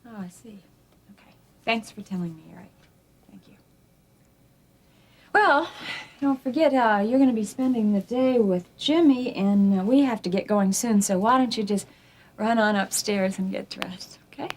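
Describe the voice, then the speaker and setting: A woman's voice: mid-range voice, moderate pace, pauses often, darkish tone, slight background noise, close to an everyday voice. An actress playing an earnest, determined mother talking with her son and a friend in a radio drama. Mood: tender. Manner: earnest, emotional.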